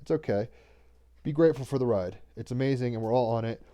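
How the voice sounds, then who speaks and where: A man's voice: medium pitch, fast, dark tone. A man doing a daily tarot card reading in a loose, rambling way, often restarting words and cursing casually.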